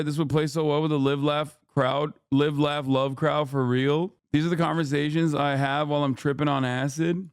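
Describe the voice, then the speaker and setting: A man's voice: fairly high pitch, clean tone, dry recording. A man hosting a stream, reacting to political clips with blunt, profane, sarcastic commentary into a close mic.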